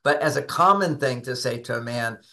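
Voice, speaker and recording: A man's voice: mid-range voice, expressive, brisk, sharp tone. A man who writes about relationships, giving emphatic advice and acting out both sides of little dialogues with his spouse. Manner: emphatic, instructive. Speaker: relationship author and guest. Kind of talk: conversational advice talk.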